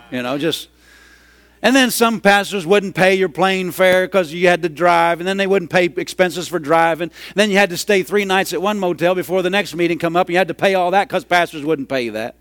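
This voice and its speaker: A middle-aged man preaching a sermon, telling a story and rising into loud, excited hollering. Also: high voice, dry recording. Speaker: pastor.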